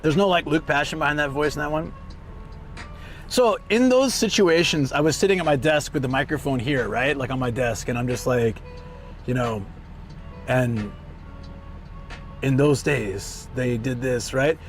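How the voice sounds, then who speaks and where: A man chatting on a live stream, excitable and rambling, who swings between a higher hyped voice and a deeper relaxed one, his voice strained from hours of talk. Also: moderate pace, long pauses, soft background music. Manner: rambling and excitable, trailing off and restarting. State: voice strained from talking a lot. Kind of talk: casual live stream chat.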